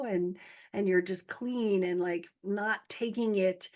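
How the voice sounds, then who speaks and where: Woman host, mid-pitched, lively and animated in casual chat. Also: measured pace. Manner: animated, acts out quoted reactions.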